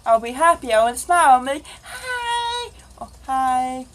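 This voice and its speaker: A woman's voice: sits high, fast, slight background noise, low-quality recording. A woman vlogger telling a rambling, casual confessional story and acting out the dialogue. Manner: rambling, acts out quoted dialogue.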